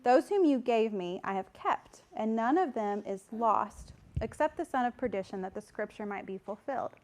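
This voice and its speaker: A woman's voice: a little high, lively intonation, normal speed, a little hiss or hum. A woman teaching a Bible study and reading scripture aloud, earnest and conversational, a little out of breath at the mic. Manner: earnest, conversational, apologetic asides. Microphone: microphone.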